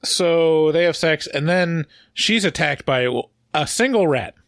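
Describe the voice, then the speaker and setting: A man co-hosting a casual podcast film review, rambling and halting with fillers as he recounts scenes. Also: a little high, expressive, fairly bright tone, dry recording, studio quality. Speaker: podcast co-host.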